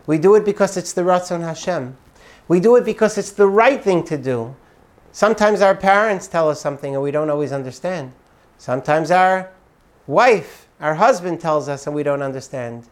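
A man with a notably high speaking voice tells an inspirational story as a rabbi. He delivers it dramatically, rising loud and dropping soft as the tale builds. His voice stays light and high throughout. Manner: dramatic, swings loud and soft while retelling.

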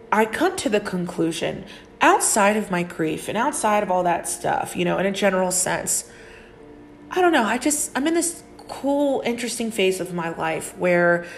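A young adult woman hosting a podcast, talking in a casual, rambling way with many fillers and calling her listeners y'all, moving into soft, earnest spiritual affirmations. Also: medium pitch, slight background noise. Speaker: podcast host, psychic reader. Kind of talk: reflective spiritual monologue.

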